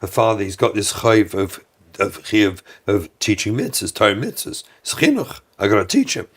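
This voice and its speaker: A man, a guest speaker on parenting, talking in an animated, emphatic way in a conversational discussion. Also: lowish voice, moderate pace.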